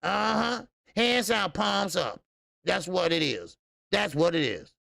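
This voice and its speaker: A man with a heavily gravelly voice and a somewhat high pitch, hosting a casual boxing livestream. He talks bluntly and profanely, laughs often, and rambles with plenty of fillers. The sound is dry and close. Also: animated, takes it slowly, bright, forceful tone, dry recording. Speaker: boxing channel host. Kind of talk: casual livestream commentary reading chat.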